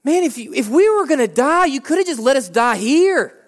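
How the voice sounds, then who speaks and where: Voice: sits high, sing-song, brisk, voice pushed up. A preacher acting out complaining, sarcastic Israelites in a sermon, in a whiny, exasperated voice. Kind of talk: acted quote in a sermon.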